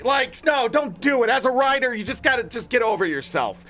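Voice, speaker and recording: A man's voice: extremely high pitch, lively intonation, fairly quick, few pauses, sharp tone, faint music behind. A man hosting a gaming channel, ranting with exasperated profanity and rambling filler words. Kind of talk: ranting commentary.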